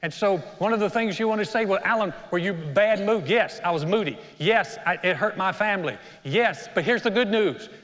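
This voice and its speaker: Middle-aged male pastor, fairly high voice, storytelling sermon, self-deprecating, long church-hall reverb. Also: fairly bright tone. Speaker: senior pastor. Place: church auditorium.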